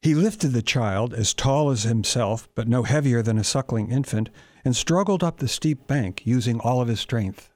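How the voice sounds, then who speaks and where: A man, the author, reading his own novel aloud in a measured, deliberate way. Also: medium pitch, a little mellow, no echo.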